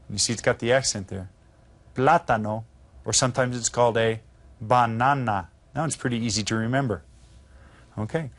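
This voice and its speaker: A man teaching Spanish vocabulary to children, pronouncing each word slowly and drawn out, then asking the class to repeat it with friendly encouragement. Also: medium pitch, fairly bright tone. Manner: slow, drawn-out pronunciation of vocabulary words.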